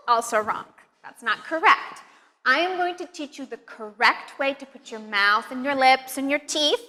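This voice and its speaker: A woman's voice: fairly high pitch, pushed and bright, in a large hall. A woman teaching pronunciation in an upbeat, encouraging way, demonstrating each step. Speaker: accent teacher. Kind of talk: pronunciation lesson.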